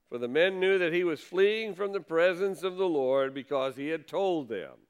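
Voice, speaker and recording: A man preaching a sermon, earnestly, rising for quoted questions and dropping low for asides. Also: moderate pace, hardly any pauses, clear, resonant tone. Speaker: pastor.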